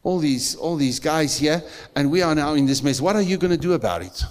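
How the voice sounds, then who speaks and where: A man's voice: fairly high pitch, expressive, brisk, darkish tone, lightly acted. Man doing a young male servant, panicky, accusing, exasperated.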